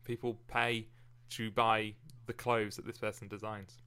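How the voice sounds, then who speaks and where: A man co-hosting a casual, animated chat about poetry. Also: on the low side, unhurried, clean tone.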